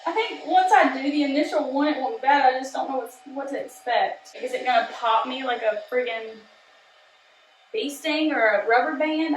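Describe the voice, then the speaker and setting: A woman's voice: high voice, reverberant, a little hiss or hum. A woman, chatting nervously as she tests a beauty gadget on camera. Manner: chatty, nervous, says y'all. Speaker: beauty vlogger testing a product. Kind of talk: casual product test vlog.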